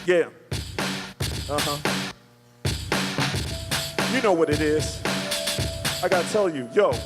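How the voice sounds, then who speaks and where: A man's voice: on the high side, slow, in a large hall. A man performing comedy rap at a live show and chatting between songs in a casual, mumbling way. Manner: rhythmic rapping, casual mumbling asides. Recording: live show with loud music. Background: loud music.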